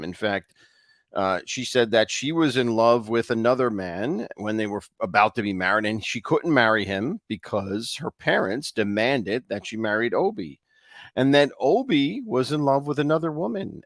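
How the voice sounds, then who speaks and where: A man co-hosting a show, casually retelling a ghost story in a loose, halting way. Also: mid-range voice, no echo, clean studio sound. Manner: loose, with fillers and restarts. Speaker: co-host.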